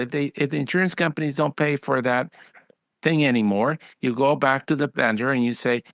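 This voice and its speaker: A man's voice: medium pitch, steady tone, fairly quick, a bit bright, no room sound. A man who is a physician, hosting a podcast and chatting bluntly, acting out other voices when he tells stories. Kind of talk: casual interview chat.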